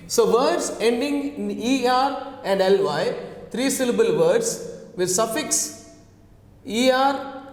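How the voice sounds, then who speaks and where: A man teaching an English pronunciation lesson, repeating each word several times and spelling letters aloud. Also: high-pitched. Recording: echoey roomy recording with long reverb.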